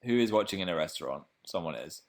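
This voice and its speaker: A man's voice: low-pitched, lively intonation, quick pace, a little mellow. A young man from England hosting a casual live stream, chatting playfully and reading out viewer comments.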